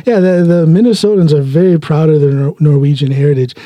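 A middle-aged man hosts a podcast from his home studio, chatting easily and chuckling between thoughts. His voice sits a little high but sounds dark and mellow, and the room adds almost no echo. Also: fairly quick. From United States. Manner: relaxed, laughs often, frequent restarts. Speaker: podcast host. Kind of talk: casual conversation.

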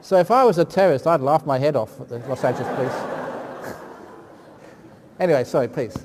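A man's voice: fairly high pitch, expressive, fairly quick. A man who is a Buddhist monk, answering audience questions with jokes and anecdotes. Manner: joking, anecdotal storyteller. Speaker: Buddhist monk giving a dharma talk. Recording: long hall reverb, faint ambient noise.

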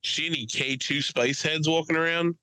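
A man's voice: on the high side, steady tone, moderate pace, bright, forceful tone, smooth, no echo, rough recording. A man co-hosting a casual podcast chat, joking, profane and teasing his friend. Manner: joking, profane, mocking put-on voices. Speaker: podcast co-host.

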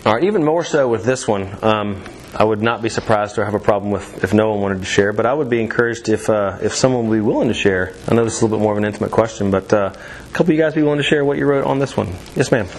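A man's voice: on the low side, fast talker, a little hiss or hum. A man teaching a church youth class in a casual way, with lots of fillers, restarts and easy laughs. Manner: chatty, many fillers and restarts, laughs easily.

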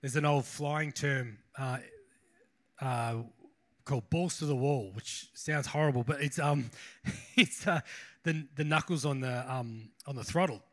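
A man's voice: mid-range voice, measured pace, a bit bright. A man preaching a casual sermon as a pastor, chatty and rambling, with self-deprecating asides.

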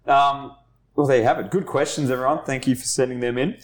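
A man's voice: mid-range voice, steady tone, fairly quick. A man hosting a podcast in a studio, wrapping up the episode in a jokey, chuckling way. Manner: jokey, chuckling through plugs. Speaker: podcast host. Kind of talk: casual podcast sign-off.

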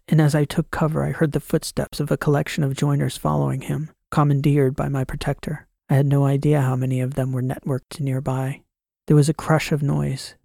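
A man narrating a science fiction audiobook in the first person, reading in a measured, dramatic way. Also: a little high, creaky, warm tone, dry recording, studio quality.

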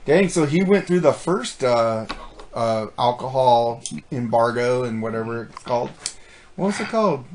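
A man's voice: medium pitch, lively intonation, moderate pace, darkish tone, a little hiss or hum. A man in casual conversation, joking and swearing, acting out phone calls as he tells stories. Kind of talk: casual chat.

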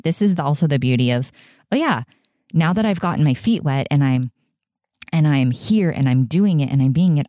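A woman's voice: a bass voice, dark tone, smooth, no room sound, studio quality. A woman hosting her own podcast, talking alone in a chatty, rambling way and laughing often. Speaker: podcast host. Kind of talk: solo podcast monologue.

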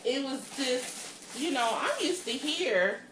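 A woman co-hosting a podcast from her kitchen, telling stories in a casual, animated way, laughing often and swearing freely. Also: sits high, slow, roomy sound, far from the mic, background noise. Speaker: podcast co-host. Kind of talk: casual storytelling chat. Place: home kitchen.

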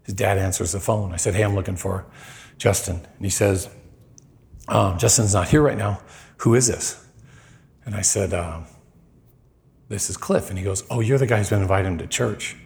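A man's voice: fairly low pitch, moderate pace, creaky, pauses often, a little mellow. A middle-aged man preaching a storytelling sermon in a conversational way, acting out the voices in his story.

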